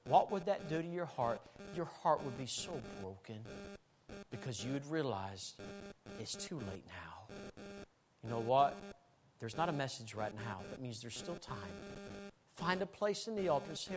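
A man preaching a sermon and giving an altar call, swinging from loud pleading to hushed tones. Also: mid-range voice, sing-song, normal speed, music in the background, poor audio. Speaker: pastor.

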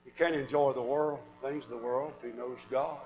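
A man preaching a sermon, swinging from shouted fiery passages to quiet, earnest talk. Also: mid-range voice, steady tone, fairly quick, dull audio, slight background noise.

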